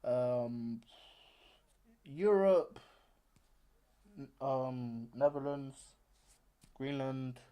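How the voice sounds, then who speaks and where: A man's voice: mid-range voice, very slow, pauses often, mellow, clear, resonant tone. A man hosting a live stream, talking casually and animatedly, repeating himself with plenty of slang. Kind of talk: casual commentary.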